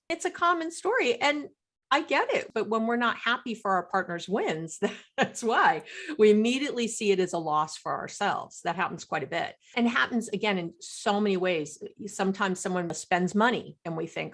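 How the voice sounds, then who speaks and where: A middle-aged woman psychologist, a podcast guest, explaining relationships in lively talk and acting out what partners say. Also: mid-range voice, normal speed, gravelly. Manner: animated, acts out quoted partners.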